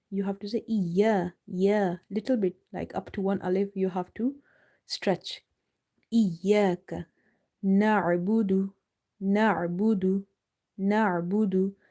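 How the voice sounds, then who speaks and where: A woman teaching Quran recitation in a live online lesson, patiently repeating each word slowly for her students. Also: medium pitch, mellow. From United Kingdom.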